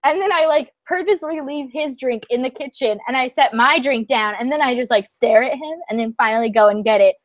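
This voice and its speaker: A young woman hosting a casual livestream, telling stories in an animated way and swearing freely. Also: high-pitched, fairly quick, hardly any pauses, dry recording. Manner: animated storytelling, frequent swearing. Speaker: channel host.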